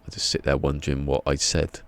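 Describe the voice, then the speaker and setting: A man's voice: extremely low pitch, level tone, fast talker, creaky. A man with an English accent chatting casually on a live stream, rambling and chuckling as he reads the chat, a little drowsy. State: a bit drowsy.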